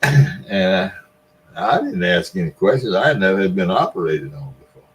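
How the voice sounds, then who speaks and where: A man from the Mississippi Delta, USA, now in his seventies, vlogs a long, folksy story, laughing between lines in his Delta Southern accent. His low voice is a bit bright, with lively intonation and a moderate pace.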